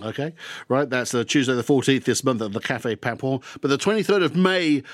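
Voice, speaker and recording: A man's voice: medium pitch, a little fast, no echo. Radio guy interviewing someone, chatty, jokey, restarts a lot, mid voice, dead dry studio. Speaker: radio host. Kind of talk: casual radio interview chat.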